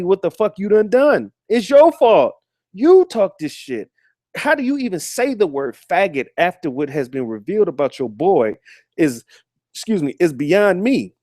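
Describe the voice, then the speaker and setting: A man's voice: high-pitched, very animated, a little slow, darkish tone, dry recording, studio quality. A man hosting a live stream, ranting in a profane, combative, mocking way and often restarting and repeating words.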